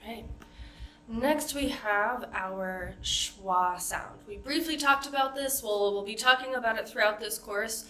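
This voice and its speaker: A woman with an American accent leads a pronunciation lesson at an unhurried pace. Her voice is bright and crisp. She models each example word slowly and with care. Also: a little high. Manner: slow, carefully modeled example words. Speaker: accent coach.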